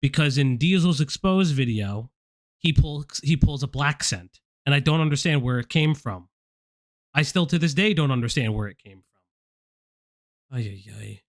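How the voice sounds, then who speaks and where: A man hosting a reaction stream, giving wry commentary with quick asides and frequent laughs. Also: medium pitch, no room sound. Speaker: stream host.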